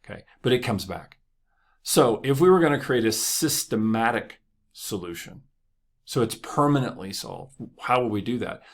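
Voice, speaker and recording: A man's voice: mid-range voice, animated, normal speed. A man hosting a motivational podcast, talking casually and joking as he tells stories. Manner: conversational, joking, laughs often. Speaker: podcast host.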